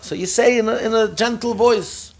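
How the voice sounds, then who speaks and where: A man's voice: high-pitched, normal speed. A middle-aged man teaching a daily Talmud page lesson, reading each phrase and explaining it in plain words, often correcting himself as he goes.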